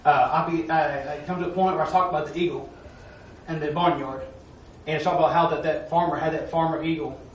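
A man's voice: fairly high pitch, steady tone, fairly quick. A man, a preacher giving a folksy, repetitive testimony. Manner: folksy, repetitive, with "I'm telling you". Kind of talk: testimony during a church talk. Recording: echoey room, mic far off, faint noise.

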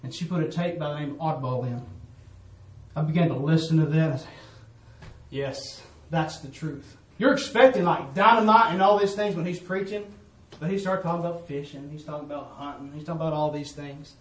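A man preaching a testimony sermon and calling out to the congregation, switching between loud bursts and hushed asides. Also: a little high, a little fast, reverberant, recorded from a distance, low-quality recording.

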